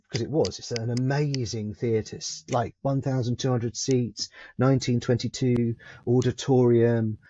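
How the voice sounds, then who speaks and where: A mellow, warm-toned Englishman speaks with a crisp RP accent, spinning theatre anecdotes for a podcast host. He brings his stories to life by slipping into other people's voices. The sound is slightly muffled and lo-fi. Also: medium pitch, a little hiss or hum. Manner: lively storyteller who acts out other people's voices. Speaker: podcast guest, theatre performer. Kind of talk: anecdotal storytelling in conversation.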